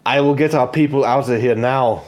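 A man's voice: mid-range voice, a little fast, a little mellow, voice pushed up, close to an everyday voice. A man voicing an alarmed male elf lord, urgent and exclaiming. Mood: panicked.

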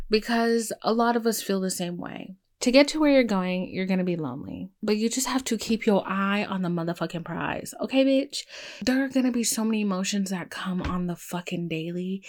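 Blunt, profane young woman podcasting. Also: medium pitch. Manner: blunt, profane, emotional and confiding. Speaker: podcast host. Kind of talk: candid solo podcast monologue.

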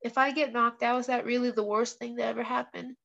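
A young woman, a professional fighter appearing as a guest, chats casually in an interview, telling stories candidly and animatedly with lots of "like" and some swearing. Her voice is fairly high, level, quick, creaky, and a bit bright. The podcast audio is lo-fi and slightly muffled.

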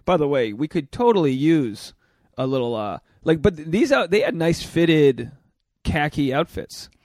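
A man's voice: on the high side, big pitch swings, normal speed, a little mellow, no room sound, clean studio sound. Casual man telling stories on a podcast. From Rhode Island. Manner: storytelling, swears casually. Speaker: podcast co-host, stand-up comedian. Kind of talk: casual chat.

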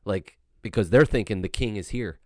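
A man with a very low voice talks through scripture in an earnest, emphatic way. He builds his points by repeating phrases. His voice is close and dry, with no room sound. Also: moderate pace, a little mellow, no echo. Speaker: podcast co-host. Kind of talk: casual Bible discussion.

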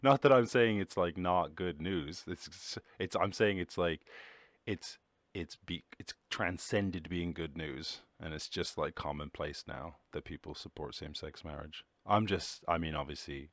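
A man's voice: sits low, dry recording. A young Irish man hosting a podcast alone, chatting casually in a rambling, sweary, self-mocking way. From Ireland. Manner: rambling, swearing, self-mocking, quick shifts into mock voices. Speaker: podcast host. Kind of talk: casual solo chat.

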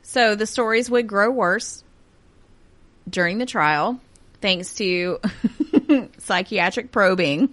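A woman's voice: mid-range voice, slow pace, long pauses, a bit bright. A woman in her thirties hosting a casual true-crime podcast, reading notes aloud with sarcastic asides and frequent laughter. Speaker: podcast host.

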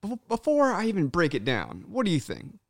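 A man co-hosting a casual podcast, animated and swearing freely, acting out people's voices when he tells stories. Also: high-pitched, a little fast, vocal fry, no room sound, studio quality. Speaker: podcast co-host.

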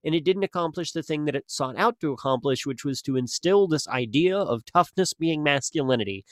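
A man's voice: a little high, expressive, fairly quick, no room sound, clean studio sound. A young man co-hosting a podcast, talking in a rambling, casual way with lots of fillers and restarts. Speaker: podcast co-host. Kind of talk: casual conversational chat.

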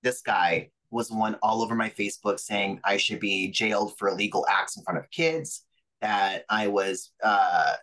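A young adult man, a pro wrestler guest on a podcast, telling stories in a lively, profane way and acting out other people's voices. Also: fairly low pitch, a little slow, rough recording. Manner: animated, profane, acts out quoted voices. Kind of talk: casual interview storytelling.

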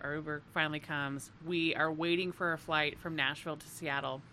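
A woman's voice: deep voice, fairly even intonation, a little fast, few pauses, sharp tone, slight background noise. A woman co-hosting a podcast, telling a travel story in casual chat, laughing often and swearing freely. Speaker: podcast co-host.

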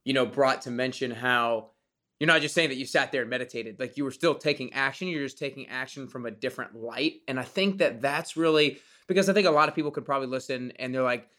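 A man's voice: medium pitch, fairly quick, fairly bright tone. Enthusiastic man hosting a podcast. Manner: enthusiastic, affirming. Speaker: podcast host. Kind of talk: podcast interview.

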